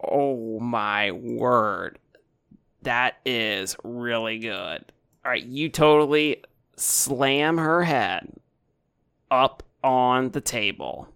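A man narrating a tabletop game as game master, unhurried and quick to laugh. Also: medium pitch, creaky, a bit bright, smooth, dry recording, clean studio sound.

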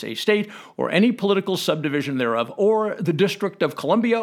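A man hosting a podcast, reading and explaining legal definitions in a measured, emphatic way, quoting statutes aloud. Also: on the high side, a bit bright. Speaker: podcast host explaining law.

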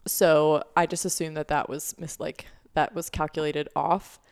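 A woman's voice: sits low, little pitch movement, unhurried, a little mellow, clean tone. A young woman co-hosting a podcast, telling a story in a chatty way with lots of fillers. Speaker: podcast co-host. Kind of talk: casual chat.

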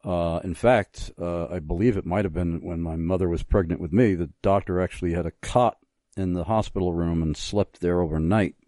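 A middle-aged man hosting a radio talk show tells a personal story in casual conversation, earnest and thoughtful with many small restarts. His voice is low-pitched and warm, with no room sound.

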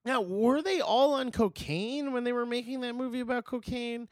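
A man's voice: very high-pitched, moderate pace, no room sound. A young man in casual chat, rambling and swearing as he retells movie scenes. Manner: rambling, profane, quotes movie lines in put-on voices.

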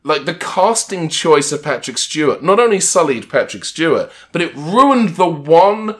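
Lively, animated male podcast co-host. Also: a little high, normal speed. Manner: animated, jokey, wry asides. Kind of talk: casual comedic movie-review chat.

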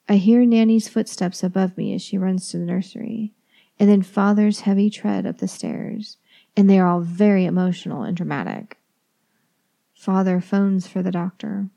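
Gravelly, mellow woman reading a horror tale. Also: medium pitch. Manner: calm, measured, dropping into whispers. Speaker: storyteller. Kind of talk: first-person horror story reading.

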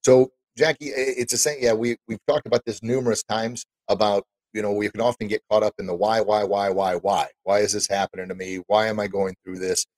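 A man's voice: on the low side, little pitch movement, a little fast, few pauses, darkish tone, low-quality recording. A man hosting an interview podcast, chatting with his guest in an eager, encouraging way. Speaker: podcast host. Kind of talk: casual interview chat.

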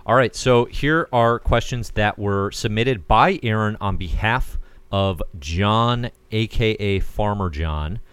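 A man's voice: on the low side, slow pace, fairly bright tone, smooth, no echo. A man co-hosting a podcast in a playful, joking casual chat. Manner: playful, jokey, breaks into silly singing. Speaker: podcast co-host.

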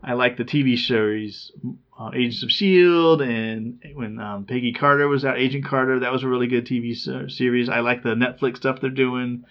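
A man's voice: medium pitch, steady tone, moderate pace. Male co-host, rambling chatty talker, slightly muffled recording. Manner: chatty, rambling, laughs at his own stories. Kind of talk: casual chat. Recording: slightly dull lo-fi sound.

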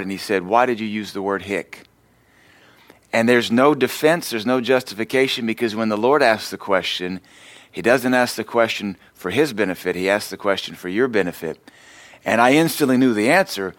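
Male pastor, middle pitch, conversational teaching sermon, dry close recording. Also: fairly bright tone, no echo. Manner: conversational preaching with self-deprecating stories.

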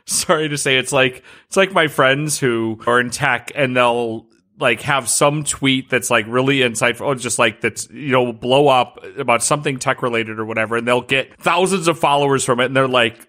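Bright-toned easygoing man on a podcast. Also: medium pitch, normal speed. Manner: easygoing, wry asides. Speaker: podcast co-host. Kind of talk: casual chat.

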